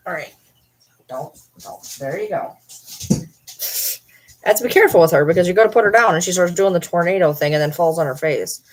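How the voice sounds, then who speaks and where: A woman vlogger at home, chatting casually and teasing her dogs with baby talk. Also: lowish voice.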